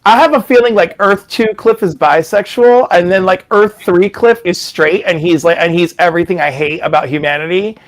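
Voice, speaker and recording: A man who is a comedian, joking loudly and swearing freely in a casual chat. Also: high-pitched, moderate pace, few pauses. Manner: animated, profane, joking. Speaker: comedian, co-host.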